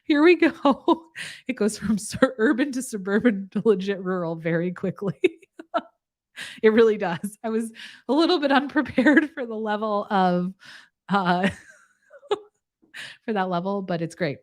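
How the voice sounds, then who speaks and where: A woman's voice: mid-range voice, lively intonation, unhurried, pauses often. A woman nurse practitioner chatting casually with her viewers. She is talkative and laughs often in the middle of her sentences. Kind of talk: casual live chat with viewers.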